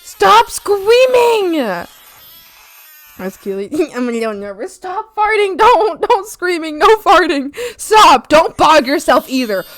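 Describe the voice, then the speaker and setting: A woman's voice: sits high, normal speed, few pauses. A woman chatting casually with her viewers during an art stream, her voice sitting well above the usual range. She swoops up and down all the time, giggling and squealing. She greets people by name and begs her chat to behave. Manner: excitable and giggly, often squealing and pleading with chat.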